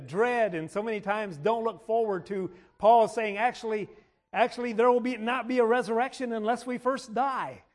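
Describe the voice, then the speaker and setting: A man preaching a sermon in a church service, often restarting and repeating his words and clearing his throat. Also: high voice.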